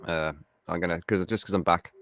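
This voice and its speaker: On a relaxed live stream, a host from England's West Midlands chats away, sprinkling in "mate" often, in his regional accent. His voice sits low yet has a fairly bright tone, with fairly even intonation and a slightly quick pace, and the recording is dry.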